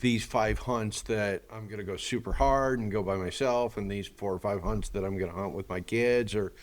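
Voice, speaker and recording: A man hosting a podcast, asking relaxed interview questions. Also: lowish voice, normal speed. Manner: relaxed questioner with short agreeing replies. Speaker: podcast host. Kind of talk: casual interview.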